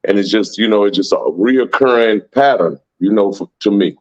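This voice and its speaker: A man's voice: fairly low pitch, lively intonation, moderate pace, a little mellow, lo-fi sound. A man in casual conversation, talking bluntly in profane street slang and often tagging his sentences with "man".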